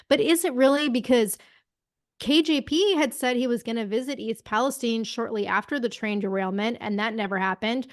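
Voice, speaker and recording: A woman's voice: on the high side, normal speed, no echo, studio quality. A woman co-hosting a political podcast, speaking with scornful sarcasm and blunt profanity. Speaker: podcast co-host.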